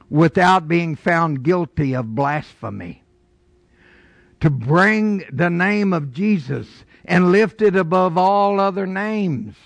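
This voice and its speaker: A man's voice: high-pitched, no echo. A man preaching a sermon in a folksy, storytelling way, with emphatic rising bursts. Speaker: pastor.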